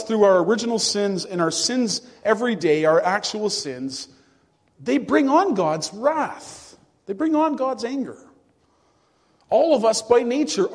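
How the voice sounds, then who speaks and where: A male pastor preaching a sermon to his congregation, earnest and emphatic, with hushed drops. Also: high-pitched, slightly rough, long reverb tail. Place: church.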